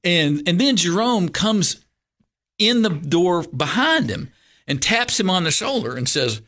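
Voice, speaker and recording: A middle-aged man with a soft drawl and a bright, forward tone. He talks as a guest pastor in a relaxed interview. He winds through an anecdote with plenty of fillers and false starts. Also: high voice, measured pace. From Kentucky, USA. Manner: rambling, animated storyteller with many fillers and restarts. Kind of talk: casual storytelling interview.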